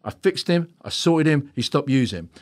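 A man's voice: on the high side, expressive, normal speed. A man, a hypnotherapist guest on a podcast, telling stories bluntly, swearing freely and acting out both sides of conversations. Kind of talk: animated storytelling in a podcast interview.

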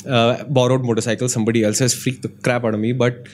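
A man on a podcast, telling stories in a lively, animated way that moves between calm and excited. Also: mid-range voice, fast, slight background noise. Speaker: motorcycle journalist, podcast guest. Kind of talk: casual podcast conversation.

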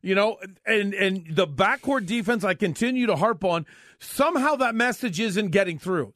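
A man's voice: sits high, fairly bright tone, no echo, clean studio sound. A man co-hosting sports talk radio, opinionated and sarcastic as he breaks down team defense.

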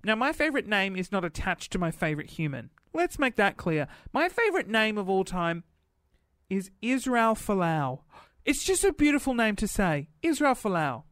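A man's voice: high voice, sing-song, moderate pace, fairly bright tone, dry recording, studio quality. A man hosting a podcast, delivering a sarcastic, playful comedic monologue. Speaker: podcast host.

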